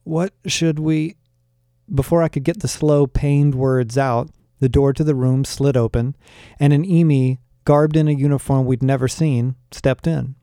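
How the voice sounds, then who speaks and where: A man narrates a first-person story in a measured, wry way. His tone is mellow and dark. The recording is dry and close, with no room sound. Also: mid-range voice, fairly even intonation, clean tone, no echo.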